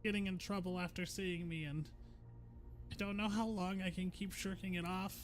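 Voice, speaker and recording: A man's voice: high-pitched, steady tone, moderate pace, slight background noise, natural voice. A man voicing a nervous, fawning forger who stammers and tries hard to please. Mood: anxious.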